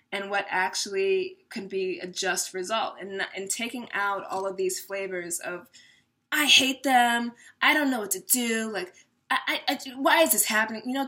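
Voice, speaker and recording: Woman, tarot reader, casual reading to camera, bright forceful tone, chatty, laughs a lot. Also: medium pitch. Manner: chatty and laughing, slipping into voices.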